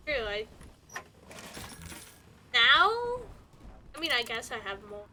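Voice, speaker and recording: Slow, high-voiced playful woman streamer. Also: animated, bright, forceful tone, a little hiss or hum. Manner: chatty, playful, laughing. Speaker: game streamer. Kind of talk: casual chat while gaming.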